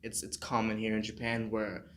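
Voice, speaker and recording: A man's voice: lowish voice, monotone, moderate pace, a bit bright, a little hiss or hum. Hesitant, reflective man hosting a podcast. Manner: reflective and hesitant, with frequent restarts. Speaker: podcast host. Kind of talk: casual podcast chat.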